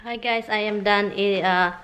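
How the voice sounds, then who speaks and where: A woman's voice: mid-range voice, steady tone, normal speed, fairly bright tone. A middle-aged woman from the Philippines with a Filipino accent, chatting casually in a home vlog, rambling, repeating herself and venting her frustration. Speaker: vlogger.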